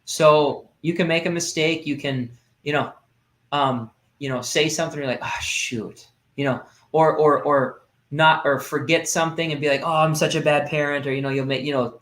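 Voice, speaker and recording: A man's voice: medium pitch, steady tone, fairly quick, a bit bright. A man in his thirties talking casually in a podcast conversation, rambling with lots of fillers and restarts. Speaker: podcast host. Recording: roomy echo.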